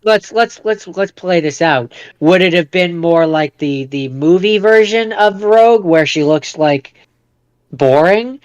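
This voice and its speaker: A male podcast co-host with a smooth, clear voice, recorded dry and close to the mic. He chats casually and hedges most of his points with "I mean" and "I don't know". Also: sits high, unhurried, no room sound, muffled recording. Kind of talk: casual chat.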